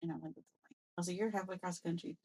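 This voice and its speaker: A woman's voice: fairly low pitch, fast. Chatty young woman telling a story. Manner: animated storyteller, acts out quoted exchanges, mixes in Spanish phrases. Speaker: podcast co-host. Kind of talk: casual storytelling chat.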